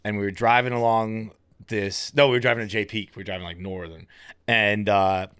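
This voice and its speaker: Low-voiced man from Massachusetts, dry close sound. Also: steady tone, fairly quick, fairly bright tone, clear, resonant tone, no room sound. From Fall River, Massachusetts. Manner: rambling storyteller, laughs at himself. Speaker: podcast guest. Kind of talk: casual chat.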